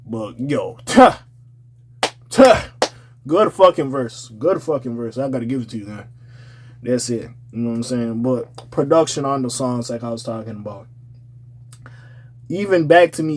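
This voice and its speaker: A young man giving a casual, profane album review in slangy talk, laughing often. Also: medium pitch. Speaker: music reviewer.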